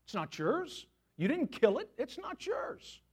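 A preacher voicing a firm, chiding God. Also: male voice, very high voice, huge pitch swings, a little slow, husky, pitched above the performer's own voice, exaggerated voice. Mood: rebuking. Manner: firm, chiding, dry sarcasm. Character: God rebuking a sulking prophet, firm and fatherly.

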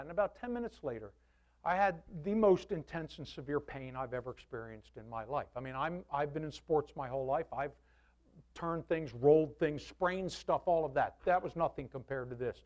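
Speaking in a fairly high pitch, a man in his sixties who pastors a church shares his personal testimony with the congregation. His telling is lively, frank and self-deprecatingly funny.

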